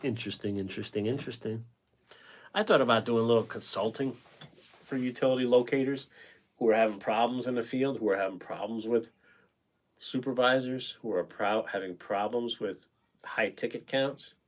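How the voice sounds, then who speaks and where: A man's voice: medium pitch, moderate pace. Chatty man reading out livestream comments. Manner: rambling, reads viewer comments aloud and answers them; talkative, chummy with viewers. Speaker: painting livestreamer. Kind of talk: casual livestream chat.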